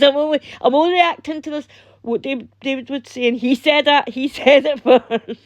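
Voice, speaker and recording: A woman's voice: high-pitched, moderate pace, dry recording, dull audio. A young adult woman with a Scottish accent giving casual reaction commentary, rambling with restarts and laughs. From Scotland. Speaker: reaction video host.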